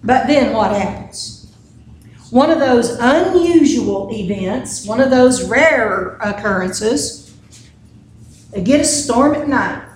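A woman giving a casual sermon, retelling a scripture story in a conversational way with humorous asides. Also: a little high. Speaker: preacher. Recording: echoey room with faint noise.

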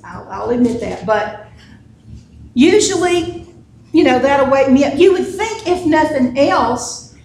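Slow-talking high-voiced woman preaching. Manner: conversational storytelling with humorous asides. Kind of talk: casual sermon. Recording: echoey room with faint noise.

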